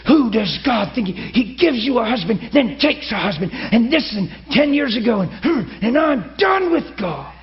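A man's voice: extremely high pitch, very animated, normal speed, hardly any pauses, voice pushed up, exaggerated voice. A man voicing a bitter, grieving middle-aged wife who talks back defiantly while retelling a story in a sermon. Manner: defiant, rising to a shout. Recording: muffled lo-fi with faint hiss.

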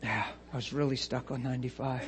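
A man preaching a lively sermon, laughing often and acting out little voices to make his points. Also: medium pitch, fairly quick.

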